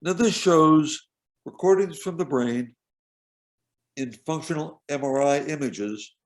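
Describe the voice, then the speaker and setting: A man lecturing over a video call, explaining slides in a measured, careful way and pausing as he points things out. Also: a little high. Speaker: professor giving a lecture.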